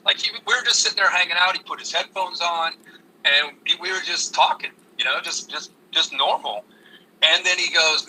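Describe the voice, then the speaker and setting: A man, a sports broadcaster, telling an animated anecdote in an interview. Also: on the high side, normal speed, poor audio. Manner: animated storyteller with many restarts. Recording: radio call with faint noise.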